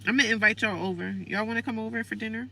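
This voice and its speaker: A woman's voice: a little high, fairly even intonation, racing, gravelly, pushed and bright. Sassy woman chatting with her viewers. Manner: sassy, playful, calls viewers girl and sis. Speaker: vlogger. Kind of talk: casual livestream chat with commenters. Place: homeless shelter.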